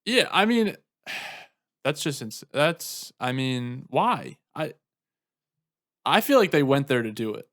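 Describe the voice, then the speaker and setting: A man's voice: medium pitch, very animated, takes it slowly, a bit bright, dry recording, studio quality. A man co-hosting a casual podcast, talking in an easygoing, rambling way with lots of "I mean". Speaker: podcast co-host. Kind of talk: casual chat.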